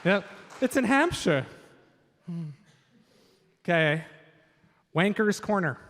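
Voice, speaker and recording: Slow and sing-song, with a high, slightly bright voice, the quiz host from Washington state chats cheerfully and jokes on a stage microphone. The recording of the large event hall is reverberant, with slight background noise.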